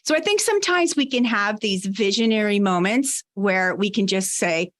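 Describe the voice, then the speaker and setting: A woman guest on a podcast, giving leadership advice. She talks in a steady, explanatory manner at a middle pitch and lays out her ideas point by point. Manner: measured, explanatory. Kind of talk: conversational advice.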